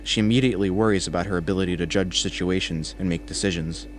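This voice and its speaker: A man narrating a horror story in a measured, scripted storytelling voice. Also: deep voice, a little hiss or hum.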